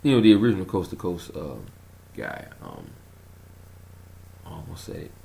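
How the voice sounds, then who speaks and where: A man with a low voice and a gravelly edge talks in a loose, rambling monologue. His pitch swings widely as he tells his stories, and he chuckles and trails off while hunting for words. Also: moderate pace. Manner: animated storytelling, chuckles, trails off searching for words. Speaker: conspiracy vlogger.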